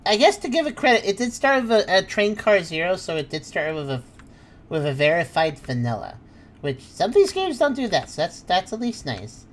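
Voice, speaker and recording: A woman's voice: fairly low pitch, sing-song, fairly quick. A woman streaming a game, chatting casually and thinking aloud as she plays, laughing often. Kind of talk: casual gameplay commentary.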